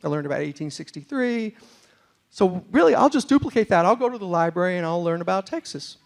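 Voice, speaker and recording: A middle-aged man from New York City spins a comic story for a lecture-hall crowd. His voice sits high with a gravelly edge, and he turns to the audience with questions. His delivery is lively and playful. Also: brisk. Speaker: storyteller and motivational speaker. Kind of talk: humorous storytelling talk.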